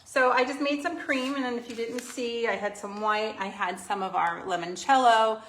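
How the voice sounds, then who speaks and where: A woman's voice: a little high, normal speed, a bit bright. A woman hosting a live painting tutorial indoors, chatty and self-deprecating, laughing easily as she explains her steps. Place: indoor craft studio under filming lights. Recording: roomy echo, faint noise.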